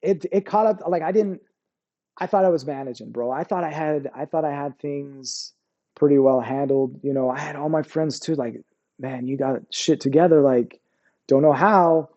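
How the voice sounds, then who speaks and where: A man's voice: fairly high pitch, moderate pace, warm tone, lo-fi sound. A man in his forties, an army veteran guest, telling his story bluntly in casual, profanity-laced talk full of "bro" and "like".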